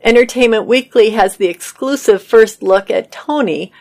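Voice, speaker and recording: A woman's voice: fairly high pitch, moderate pace, vocal fry, a little mellow. Woman reading entertainment news aloud.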